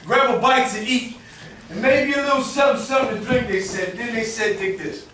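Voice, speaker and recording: High-voiced man performing spoken word. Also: fairly quick, a bit bright, slight background noise. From Boston, USA. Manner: rhythmic, rhyming delivery with dramatic emphasis. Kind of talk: spoken word poetry performance at an open mic. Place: performance venue with audience. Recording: echoey room, mic from far off.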